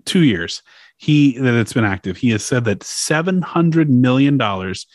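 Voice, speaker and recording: A male podcast host with a mid-range, lively voice speaks at a moderate pace in clean studio sound with no room echo. He explains a topic in loose, casual chat, laughing and swearing along the way.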